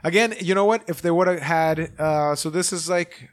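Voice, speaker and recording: High-pitched male co-host, loose and profane, laughing through his movie riffs. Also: normal speed, no room sound. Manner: laughs often, profane, riffing jokes. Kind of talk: casual movie-discussion chat.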